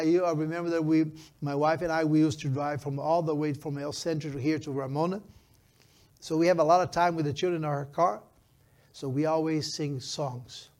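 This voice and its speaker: In a slightly high, somewhat mellow voice, a man in his fifties preaches, weaving a grandchild into his story. His delivery is emphatic and slows for key phrases, and his phrasing is slightly non-native.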